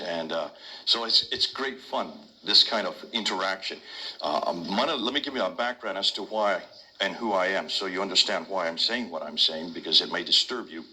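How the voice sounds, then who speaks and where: An older man with an American accent, lecturing an audience with emphatic, forceful delivery. His voice sits a little low, but its tone is sharp and intensely bright. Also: low-quality recording. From India. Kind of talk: public talk to an audience.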